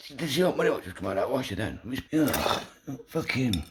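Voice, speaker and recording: A man filming a do-it-yourself vlog while fixing a washing machine, excitable and swearing constantly. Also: mid-range voice, heavy background noise. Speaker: vlogger. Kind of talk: casual DIY vlog.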